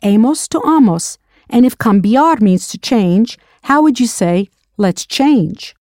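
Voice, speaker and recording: Woman teacher doing a scripted audio lesson, warm mellow voice, dry close sound, patient drill prompts. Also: on the high side, animated, slow, no echo. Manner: patient, prompting drill questions then confirming answers. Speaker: language teacher.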